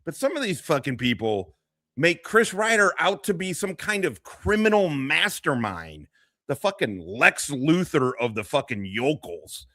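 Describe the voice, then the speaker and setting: A man hosting a live stream and giving casual reaction commentary in a profane, mocking, excitable way. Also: a little high, measured pace, no echo, clean studio sound.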